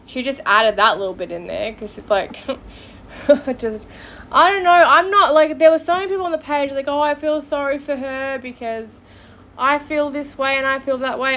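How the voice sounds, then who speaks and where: A woman's voice: fairly high pitch, a bit bright. Blunt, sarcastic podcast host woman. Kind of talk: casual commentary.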